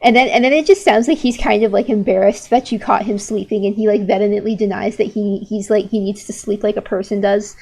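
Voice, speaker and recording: Teen woman streamer chatting while she draws, mid-pitched, rambling, strongly opinionated, full of fillers. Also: steady tone, fairly quick, vocal fry, few pauses, a little mellow, breathy edge. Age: late teens. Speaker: art streamer. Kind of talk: casual chat while drawing on stream.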